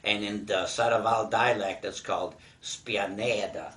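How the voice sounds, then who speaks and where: Speaking a little slowly in a fairly low, fairly bright voice, an older man gives a grandchild a casual cooking lesson in the home kitchen. He stays patient and encouraging, explaining each step.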